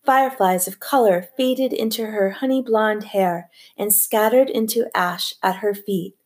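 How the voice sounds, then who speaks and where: A woman's voice: mid-range voice, unhurried, a little mellow. Woman reading a story aloud. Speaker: audiobook narrator. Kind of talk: scripted narration.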